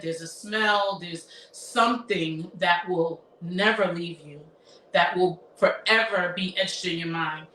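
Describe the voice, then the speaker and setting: A woman in her fifties shares a personal story in an emotional, reflective voice, often halting and restarting. Her tone is bright and forward. She sounds a little far from the mic in an echoey room, with a faint hiss behind her. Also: lowish voice. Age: 50s. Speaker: therapist. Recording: roomy echo, somewhat far from mic, faint noise.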